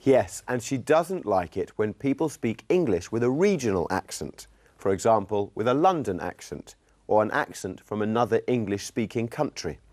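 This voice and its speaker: A man co-presenting a scripted English lesson in a friendly, clear, instructive tone. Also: fairly low pitch, animated, moderate pace, darkish tone.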